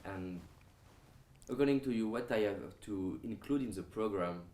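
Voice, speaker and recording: Low-voiced hesitant interviewer, roomy sound. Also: male voice, mellow. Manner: hesitant, halting phrasing with fillers. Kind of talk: interview questions. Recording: roomy sound with faint background noise.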